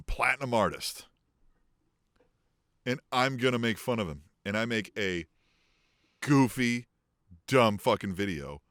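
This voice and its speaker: A man co-hosting a wrestling podcast in casual, exasperated chat. His mid-pitched voice moves expressively, and he swears and trails off into restarts. The sound is dry with no room echo. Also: a bit bright.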